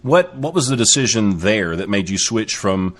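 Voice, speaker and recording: A man hosting a casual interview, eager and excited, often stopping and restarting his questions. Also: fairly low pitch. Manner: eager, halting with many restarts. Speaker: host.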